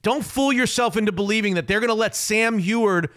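A man hosting a sports radio show, talking in an opinionated, emphatic, rapid way. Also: sits high, a bit bright. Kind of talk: casual sports talk.

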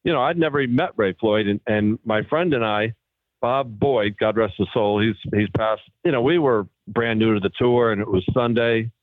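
A guest golfer calls in by phone and casually tells old tour stories in a fairly low voice at a moderate pace, with no echo. He's an animated storyteller who acts out the voices of the people he quotes.

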